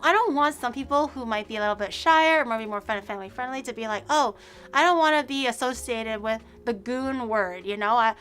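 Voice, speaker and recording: A woman streamer chatting casually with viewers, playful and excitable, breaking into squeals and laughter. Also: on the high side. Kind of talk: casual live-stream chat.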